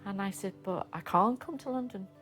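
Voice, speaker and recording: A woman's voice: medium pitch, a little fast, fairly bright tone, soft background music. An older woman with a Liverpool accent, telling stories in an interview and acting out the voices of people she quotes. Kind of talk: reminiscing interview.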